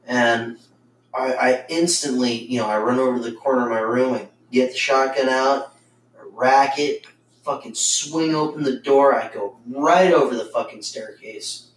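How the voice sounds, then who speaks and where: A man's voice: medium pitch, fairly even intonation, moderate pace. A man casually telling a ghost story on a podcast, rambling with lots of swearing and fillers. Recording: roomy, distant mic with faint noise.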